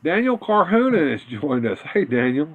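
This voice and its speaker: A man's voice: a little high, big pitch swings, moderate pace. A man co-hosting a casual live stream, rambling and restarting his sentences as he chats. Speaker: co-host of a toy live stream. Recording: tinny phone-like audio.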